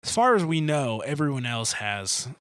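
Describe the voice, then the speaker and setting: A man hosting a podcast, telling a story in an animated, joking way in casual discussion. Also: mid-range voice, normal speed, smooth, dry recording, clean studio sound. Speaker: podcast host.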